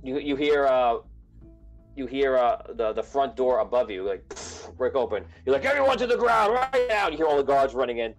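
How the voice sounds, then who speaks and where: A man's voice: mid-range voice, normal speed, a little mellow, soft background music, low-quality recording. A man running a tabletop game as game master, narrating loosely with lots of restarts.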